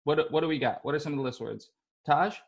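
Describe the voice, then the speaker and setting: A man's voice: on the high side, vocal fry. Upbeat man teaching young kids. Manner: upbeat and encouraging, sounds out syllables slowly. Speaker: elementary school teacher. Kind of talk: teaching a class of young children.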